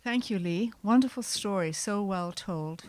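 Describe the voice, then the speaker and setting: A woman storyteller telling a personal memoir to a live audience in a lyrical, expressive way. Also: medium pitch, measured pace. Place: showroom with audience.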